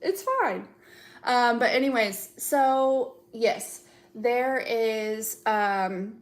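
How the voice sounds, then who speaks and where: A young adult woman who reads tarot chats casually with viewers on a live stream, full of fillers, giggles and offhand swearing. Her voice is mid-range, with a faint hiss or hum in the recording. It's a relaxed spiritual live chat.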